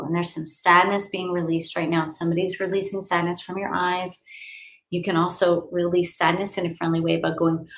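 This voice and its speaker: A woman life coach leads a live healing session from her home. Her voice sits low with a gravelly fry, and she guides breaths, sighs and spoken affirmations in a soothing, unhurried manner. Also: steady tone, slight background noise, poor audio.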